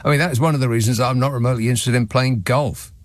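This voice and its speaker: A man hosts a radio phone-in, rattling through listener messages very fast in a medium-pitched voice with fairly even intonation. His delivery is dry and sardonic, with wry chuckles. He's recorded on a studio microphone in a radio studio, with no room sound.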